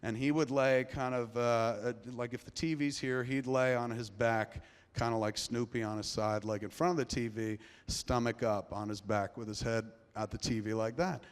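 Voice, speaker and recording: A middle-aged man tells a long personal story on stage, cursing freely as he rambles, sometimes sinking to a hush and sometimes climbing loud. His voice sits at an ordinary pitch for a man. A long hall reverb trails after every phrase. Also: fairly even intonation, normal speed, smooth. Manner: profane, rambling, swings between hushed and loud. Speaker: filmmaker telling a story on stage. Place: large theater before a live audience.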